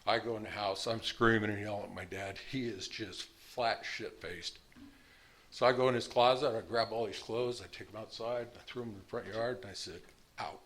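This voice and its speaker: A man's voice: lowish voice, steady tone, moderate pace, a bit bright. A man in his sixties telling his own story in a blunt, plain-spoken way, now and then laughing at his past. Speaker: speaker sharing his recovery story. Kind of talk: personal storytelling.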